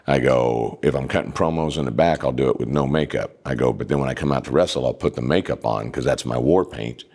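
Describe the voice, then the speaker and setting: A man's voice: rumbling low, fast talker, a little mellow. A man being interviewed in a studio, telling long anecdotes and acting out the dialogue of the people in them. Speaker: guest. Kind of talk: casual storytelling interview. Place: podcast studio.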